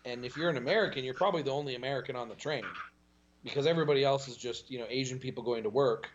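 A man guesting on a podcast, telling stories in an animated way and chuckling often. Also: mid-range voice, racing, dull audio. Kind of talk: casual podcast chat.

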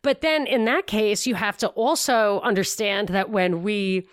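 A woman hosting a podcast, chatting casually and retelling a story with lively quotes. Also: mid-range voice, measured pace, dry recording. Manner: animated retelling, quoting others, frequent laughs. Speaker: podcast host. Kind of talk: casual commentary chat.

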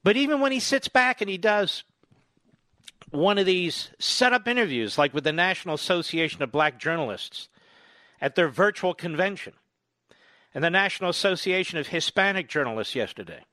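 A male talk radio host delivering a combative, sarcastic political monologue full of rapid-fire rhetorical questions. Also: high voice, lively intonation, bright, forceful tone, no room sound, studio quality.

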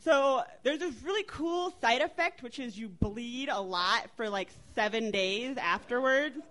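On stage, a woman in her twenties with an American accent tells a funny family story in a chatty, lively way, laughing and swearing along the way. Her voice is on the high side and she doesn't rush.

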